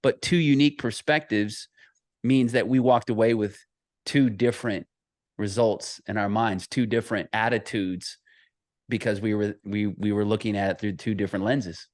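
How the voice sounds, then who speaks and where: A man's voice: fairly low pitch, steady tone, normal speed, a little mellow, no room sound, clean studio sound. A man in his thirties, an associate pastor and author, earnestly telling a personal story in an interview with frequent restarts.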